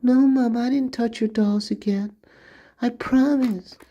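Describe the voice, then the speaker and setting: A man voicing a timid young son, pitched well above his own voice, who answers his mother in a pleading, defensive way. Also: steady tone, a little slow, dark tone, muffled recording. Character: a grown son playing the meek boy before his nagging mother.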